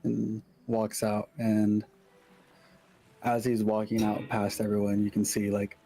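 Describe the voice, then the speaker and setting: A man describes his character's actions in a tabletop game, peppering his speech with "like". His voice is low and dark, and he talks slowly. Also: completely flat delivery, poor audio. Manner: casual, with frequent "like". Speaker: player.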